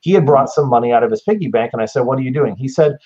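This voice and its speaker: A man's voice: medium pitch, rapid-fire, darkish tone, husky, muffled recording. A man talking earnestly and reflectively in a casual podcast conversation, laying out his thoughts point by point. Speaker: guest.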